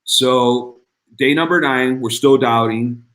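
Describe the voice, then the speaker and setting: A man's voice: takes it slowly, fairly bright tone. A man telling his story as an interview guest, acting out the dialogue with big leaps in his voice. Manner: acts out dialogue, voice jumping high. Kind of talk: animated storytelling.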